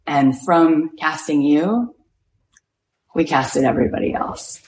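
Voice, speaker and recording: Low-voiced woman telling a story. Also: slow, slight background noise. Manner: acts out quoted voices, builds to excited emphasis. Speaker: speaker retelling a story. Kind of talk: animated storytelling talk.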